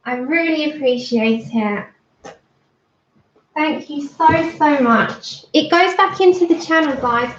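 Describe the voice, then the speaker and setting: A woman's voice: high-pitched, slow pace, slight background noise. A woman chatting casually to her livestream viewers while she colours, thanking them by name. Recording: dull lo-fi stream audio.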